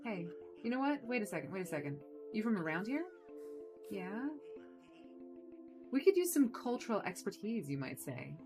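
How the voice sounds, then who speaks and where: A woman voicing a small, energetic, rude male film director in a video game, talking brash, loud and condescending. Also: mid-range voice, moderate pace, long pauses, faint music behind, pitched above the performer's own voice, natural voice.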